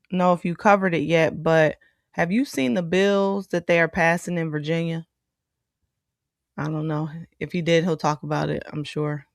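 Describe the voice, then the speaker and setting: A woman's voice: sits low, vocal fry, a bit bright, no room sound, clean studio sound. A woman co-hosting a casual podcast, reading viewer comments aloud and chatting back about them. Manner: reads viewer super chats aloud and responds chattily. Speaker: co-host.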